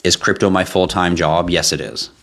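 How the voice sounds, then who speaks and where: A man's voice: deep voice, normal speed, vocal fry, fairly bright tone. A man hosting a casual live stream, reading out viewer questions and answering them in a blunt, offhand, joking way.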